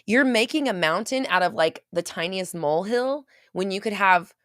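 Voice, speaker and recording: A woman hosts a casual livestream as a manifestation coach, speaking in a mid-range voice at a moderate pace with clean studio sound and no room echo. She's chatty and animated, laughs often, reads viewer comments aloud, and uses lots of fillers plus some swearing.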